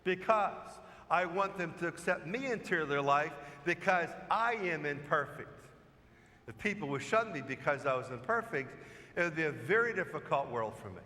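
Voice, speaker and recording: Priest giving a homily, man with a high, bright voice, chatty storyteller, long echo of a church. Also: expressive, normal speed. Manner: storytelling, conversational preaching with rhetorical questions. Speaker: parish priest. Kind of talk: sermon.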